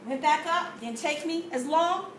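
Woman with a high voice sharing an animated testimony, recorded from far off in a roomy space. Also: unhurried. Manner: animated storytelling with gasps and quoted prayers. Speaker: testimony speaker. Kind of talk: church testimony. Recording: echoey room from far off with noise.

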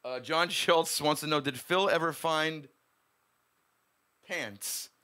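A man's voice: fairly high pitch, takes it slowly, sharp tone. A man hosting his own music live stream from a home room, chatting casually and rambling as he greets viewers by name.

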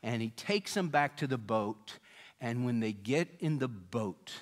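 A man's voice: animated, measured pace. A man preaching a sermon, telling a story and acting out the people in it with a raised voice. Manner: storytelling, voicing quoted people with rising pitch and volume. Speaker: pastor.

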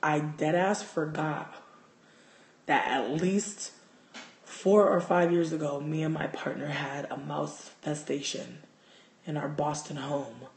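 Profane, animated man telling a story. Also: on the high side, slow, vocal fry. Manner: animated, profane, gets loud and excited in the telling. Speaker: livestream host. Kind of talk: casual storytelling. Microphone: phone. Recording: roomy echo.

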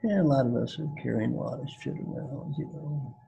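An older man from Kentucky giving a folksy, playful talk as guest speaker on a video call, with a raspy voice. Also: medium pitch, a little fast, warm tone, rough recording. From Kentucky, United States. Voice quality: gravelly, raspy. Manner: playful, teasing, repeats phrases for effect. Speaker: guest speaker, executive coach.

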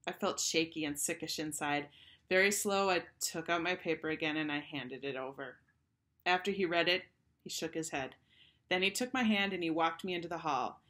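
Lady teacher reading a kids book, lowish voice, lots of expression. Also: normal speed. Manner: expressive first-person storytelling. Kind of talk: children's storybook read-aloud.

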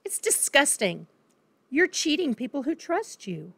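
A woman playing a high-voiced indignant little girl. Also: big pitch swings, unhurried, gravelly, a bit bright, no room sound, heavily acted. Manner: earnest, high, protesting.

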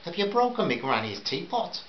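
A man's voice: sits high, big pitch swings, a little fast, pitched above the performer's own voice. A man doing a cheeky Northern Irish wife. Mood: teasing. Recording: roomy, slightly dull, faint hiss.

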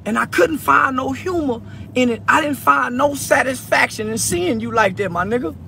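A man's voice: extremely high pitch, moderate pace, vocal fry, pushed and bright, a little hiss or hum. A tearful man speaking straight to camera in an emotional monologue, stammering through repeated words and pleading from the heart. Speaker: online personality addressing a peer.

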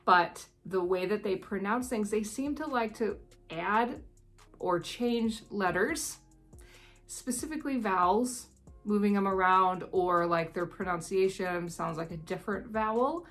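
A woman's voice: medium pitch, measured pace, a bit bright, faint music behind. An American woman vlogging casual advice in a chatty, rambling way, laughing often. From United States.

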